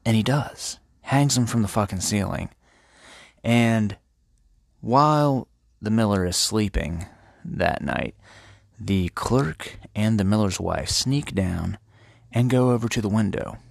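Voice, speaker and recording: Deep-voiced guy swearing his way through an old story, dry close sound. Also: animated, slow pace, vocal fry, dry recording. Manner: profane, irreverent, laid-back. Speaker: host. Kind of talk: comedic book retelling.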